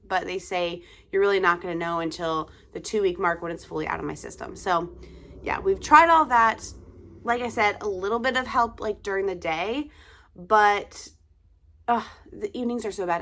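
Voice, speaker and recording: A young woman talks casually to her camera, tired and rambling, with plenty of fillers and sighs. Her voice sits at a middle pitch for a woman. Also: a bit bright. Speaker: vlogger, mother of two.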